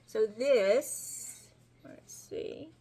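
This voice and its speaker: A woman's voice: fairly high pitch, extremely slow, dark tone, slightly rough. A middle-aged woman with a Southern American accent, chatting in a homey, folksy way as she bakes in her home kitchen. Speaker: home-cooking vlogger. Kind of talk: casual cooking demonstration.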